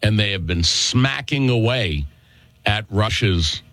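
A man's voice: on the low side, lively intonation, takes it slowly, a bit bright, no room sound. A male talk show host with a Worcester, Massachusetts accent, delivering a chatty, opinionated monologue and calling listeners folks.

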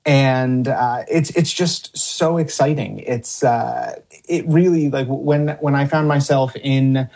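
A man's voice: mid-range voice, steady tone, takes it slowly, creaky, darkish tone. A middle-aged man from upstate New York, a biologist, answering interview questions in a rambling way, with many fillers and restarts and frequent chuckles. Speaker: biologist and TV cryptid hunter.

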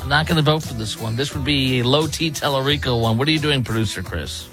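A man's voice: medium pitch, fast, over music. A man guest-hosting a political talk radio show, mocking and joking in loose commentary.

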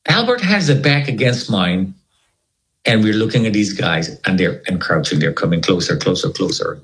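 A man with a fairly low voice tells a personal story to an interviewer. His pitch swings widely as he tells it. He acts out each person's voice in turn, with plenty of energy. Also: lively intonation, normal speed, a bit bright, poor audio. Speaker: interview guest.

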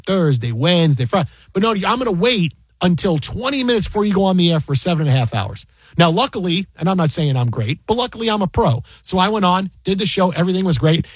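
A man who works as a sports broadcaster, casually recounting a work story in an animated, exasperated way. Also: high voice, husky, dry recording. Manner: animated, exasperated retelling with repeated asides. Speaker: fantasy football broadcaster.

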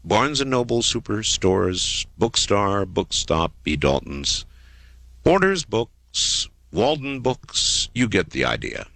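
A man hosting a late-night call-in radio show, taking callers with a dramatic, drawn-out delivery. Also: on the low side, sing-song, creaky, fairly bright tone, no room sound. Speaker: radio talk show host. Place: radio studio.

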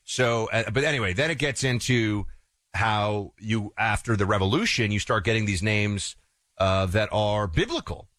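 Low-voiced digressive male co-host. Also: normal speed, no room sound. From Northeastern US. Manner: digressive storytelling, animated asides. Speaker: talk show co-host. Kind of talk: casual conversational chat.

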